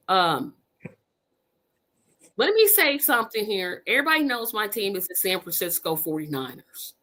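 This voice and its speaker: Woman in her fifties from Indiana, podcast host; bright, lively, emphatic chat that loops back on itself. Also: medium pitch. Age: 50s. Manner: animated, emphatic, repeats words for effect. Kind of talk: casual chat.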